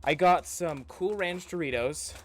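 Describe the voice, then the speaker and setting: A man's voice: fairly high pitch, unhurried. A young man hosting a podcast in casual chat, telling a story in a chatty way with casual swearing. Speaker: podcast host.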